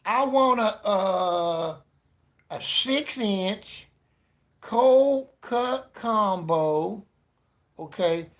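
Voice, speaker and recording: A man voicing a loud redneck customer with a Southern accent, shouting and stretching his words out slowly. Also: sits high, lively intonation, voice pushed up, full character voice. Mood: demanding. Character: loud drawling redneck man ordering at a drive-through.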